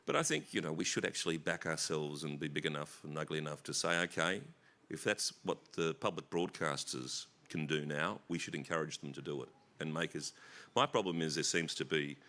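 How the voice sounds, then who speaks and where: A middle-aged Australian man speaking as a guest in an onstage conversation, animated and self-deprecating, often stammering and restarting. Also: extremely low pitch, a little fast. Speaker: festival guest actor. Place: festival stage.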